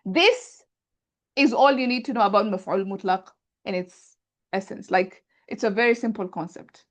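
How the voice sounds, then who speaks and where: A woman's voice: mid-range voice, brisk. A woman teaching Arabic grammar in an online class, explaining patiently step by step with examples over a video call.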